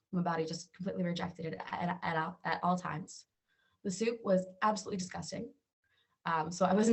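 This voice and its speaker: A woman from Georgia speaks. She tells her own story to camera in a sincere, conversational way. Her voice sits at an ordinary middle pitch. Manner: earnest storytelling, acts out quoted voices. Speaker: wellness channel host. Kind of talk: personal story told to camera.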